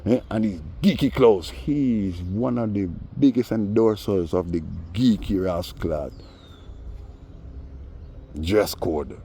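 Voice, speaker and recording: A middle-aged Jamaican man talking in a casual vlog monologue, animated, laughing often and slipping into patois. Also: lowish voice, slow pace, slight background noise.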